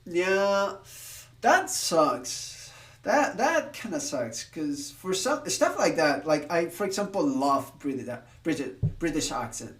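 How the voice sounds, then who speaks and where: A man's voice: on the high side, big pitch swings, slow, fairly bright tone, reverberant, recorded from a distance, low-quality recording. A man from Spain chatting casually on a live stream, rambling with restarts, laughing and swearing now and then.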